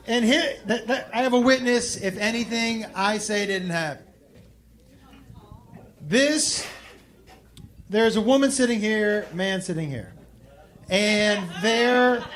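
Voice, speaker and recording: On a club stage, a male stand-up comedian with a high voice tells a story to a live audience, animated throughout. He drops into quiet asides and builds to loud punchlines.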